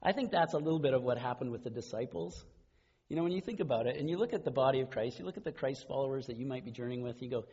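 A man giving a sermon as pastor, speaking conversationally, with quiet asides and the odd chuckle. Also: mid-range voice, expressive, very fast, husky, highs cut off.

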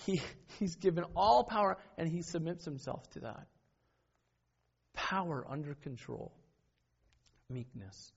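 A man's voice: a little high, animated, a little slow, creaky, long pauses, husky. A middle-aged man preaching a sermon in an earnest, conversational way, with personal stories and frequent self-corrections. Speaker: pastor. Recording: dull lo-fi sermon recording.

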